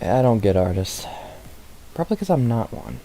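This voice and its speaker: A man with a mellow, mid-range voice chats casually as a guest on a stream, speaking at a normal speed in a very animated way. He laughs often and pokes fun at himself while stream music plays in the background.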